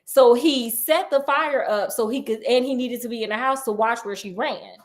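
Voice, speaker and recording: A young woman casually retelling a classic detective story, animated and slangy, laughing often. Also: a little high, normal speed. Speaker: podcast storyteller.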